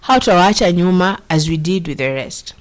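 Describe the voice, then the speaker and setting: A woman's voice: on the low side, lively intonation, moderate pace. A woman with a Kenyan accent hosting a show, giving earnest, rambling political commentary and slipping Swahili slang into her English.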